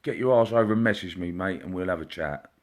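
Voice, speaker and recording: A man, a psychic medium, hosting a casual live stream, chatty and greeting viewers by name, sometimes dropping into a quiet murmur. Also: sits low, fast talker. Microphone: computer or phone mic, live stream.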